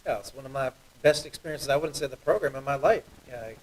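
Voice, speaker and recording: A man who is a judge, talking earnestly and quickly as an interview guest, telling stories with animation. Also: mid-range voice, recorded from a distance, poor audio. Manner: earnest, fast, animated storytelling. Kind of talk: interview guest, heartfelt talk.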